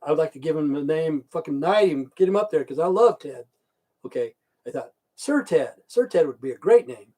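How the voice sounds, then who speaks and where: A man in his fifties spins a long, crude story full of swearing and repeated lines. His voice is mellow and dark, pitched a little high for a man, with a loose rambling pace. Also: lively intonation, fairly quick. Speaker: livestream host.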